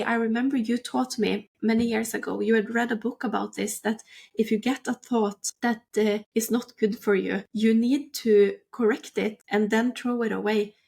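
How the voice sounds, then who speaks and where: A fairly high-pitched woman co-hosting a podcast in casual chat. She speaks with steady enthusiasm, encouraging her co-host and the listeners about mindset and goals. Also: creaky.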